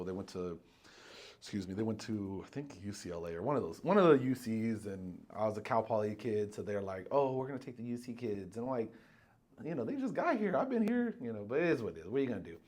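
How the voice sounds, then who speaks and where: A man co-hosting a podcast, telling a work story in casual chat and acting out the people he quotes. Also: lowish voice. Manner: animated, acts out quoted voices, swears freely. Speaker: podcast co-host.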